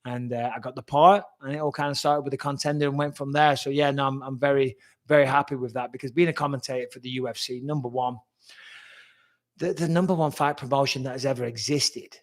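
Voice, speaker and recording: A man in his forties, a former fighter turned commentator, hosting a casual live Q&A, answering viewer questions bluntly, quickly and with frequent swearing. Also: medium pitch, steady tone.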